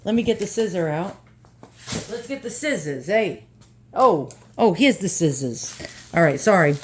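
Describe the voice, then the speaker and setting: Very animated but unhurried, this New York vlogger has a lowish voice and a strong local accent as she unboxes something for her viewers. Her loose chat is blunt and full of jokes, with the odd swear word, and a bit of background noise can be heard.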